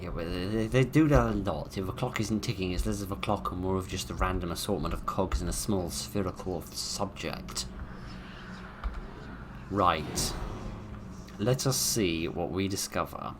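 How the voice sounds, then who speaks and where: A man's voice: sits low, normal speed, noisy background. A British man giving casual, sarcastic commentary while playing a game, rambling from one joke to the next. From Britain. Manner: wry, sarcastic, rambling jokes. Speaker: let's-play host.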